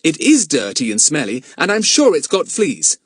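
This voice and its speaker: A man voicing a kind, firm boy who loves animals, in an earnest, gentle way. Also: fairly high pitch, wildly swooping pitch, moderate pace, husky, no room sound, studio quality, pitched above the performer's own voice, full character voice.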